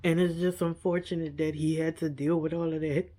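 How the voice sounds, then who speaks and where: A woman's voice: low voice, level tone, brisk, mellow. A woman vlogger giving a casual, earnest reaction to a documentary. She repeats herself often and leans on "like" and "you know.".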